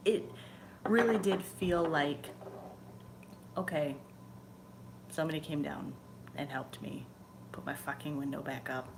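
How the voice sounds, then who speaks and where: A woman's voice: low voice, background noise. A young woman on her channel, telling a story in a casual, chatty way, swearing freely and sometimes dropping to a whisper. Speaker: channel host. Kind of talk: casual chat.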